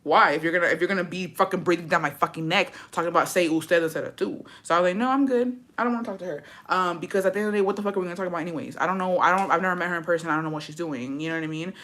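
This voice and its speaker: A woman's voice: fairly low pitch, racing, few pauses, a bit bright. A woman vlogger telling a storytime in a brash, profane, sassy way and calling viewers her besties. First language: English. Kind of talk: casual storytime chat.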